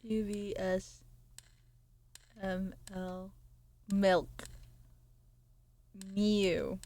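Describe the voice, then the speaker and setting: A woman's voice: medium pitch, little pitch movement, very slow, dark tone. A young woman streaming a game, chatting and giggling with her viewers as she plays. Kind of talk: casual live game-stream chat.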